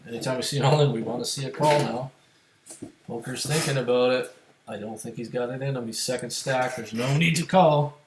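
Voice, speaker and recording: Over a noisy background and noticeable reverb, a medium-pitched man talks a little fast. As a poker streamer, he casually chats to his audience while playing online, thinking through his hands and chip stacks.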